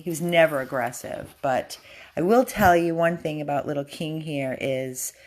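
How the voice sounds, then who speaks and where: A woman at a dog rescue talking casually to the camera about a rescued dog, switching into high baby-talk when she speaks to him. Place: indoor rescue room.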